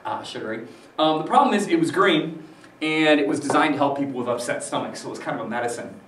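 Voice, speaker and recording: A man's voice: mid-range voice, lively intonation, fast, fairly bright tone, faint music behind. A man teaching a casual, joking history lesson to his students, full of fillers and asides. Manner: chatty, joking, loose with fillers. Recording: roomy, distant mic with faint background noise.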